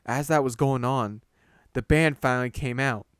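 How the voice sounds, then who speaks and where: A man reading a horror story aloud in a slow, deliberate narration. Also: mid-range voice, clear, resonant tone, dry recording, studio quality.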